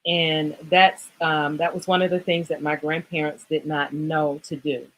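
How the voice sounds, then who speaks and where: A woman's voice: low voice, little pitch movement, unhurried, fairly bright tone, slight background noise, poor audio. A woman hosting a casual fitness livestream, talking in a rambling, emotional way, choked up and apologizing as she goes. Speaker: livestream host.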